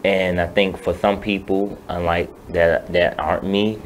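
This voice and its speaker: Deep-voiced man in his thirties. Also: level tone, unhurried, slight background noise, low-quality recording. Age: 30s. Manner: earnest and rambling, many "um" and "you know". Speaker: musician guest. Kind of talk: casual interview chat.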